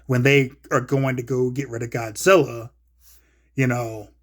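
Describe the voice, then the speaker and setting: Hosting a solo show, this man talks through movies in a loose, profanity-heavy rant, a touch on the slow side. His delivery jumps from quiet grumbling to bursts of loud excitement.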